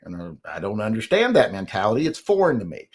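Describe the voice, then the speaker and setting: A man's voice: fairly low pitch, huge pitch swings, fast, darkish tone. A middle-aged man hosting a casual livestream chat, rambling and profane as he reads out comments and grumbles defensively about critics. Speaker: host.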